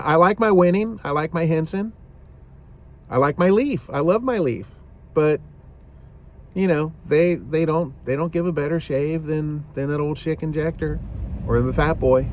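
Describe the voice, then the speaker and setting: A man's voice: on the high side, a little mellow, slight background noise. A man hosting a shaving video, talking casually to the camera in a rambling way, often repeating himself and saying "you know".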